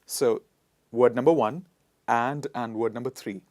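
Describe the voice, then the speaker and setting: A man's voice: medium pitch, fairly even intonation, a little mellow. A man from India teaching an English pronunciation lesson, stressing words and having listeners repeat after him. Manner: emphatic, drills words slowly and has listeners repeat.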